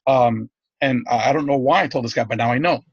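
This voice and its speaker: A man's voice: medium pitch, fast talker, breathy edge, no echo, muffled recording. A man being interviewed as a guest, telling one story after another in a rambling, eager way and often checking in with "okay?".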